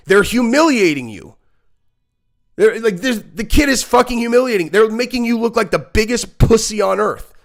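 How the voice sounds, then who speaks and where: Blunt, profane male streamer. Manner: blunt, profane, rambling with many fillers; acts out shrieking kids and barking dogs in high squeals. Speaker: podcast host. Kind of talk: casual live reaction stream.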